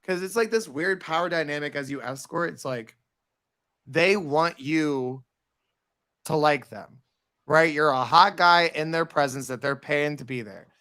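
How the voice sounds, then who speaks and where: A man telling stories in casual podcast chat, animated and campy, slipping into quoted voices. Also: fairly high pitch, a little slow. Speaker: podcast guest.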